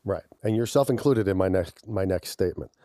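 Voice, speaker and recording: A man co-hosting a podcast in casual chat, with an intense, aggressive way of talking when he gets into something, and quick to laugh. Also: low-pitched, animated, mellow, dry recording, studio quality. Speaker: podcast co-host.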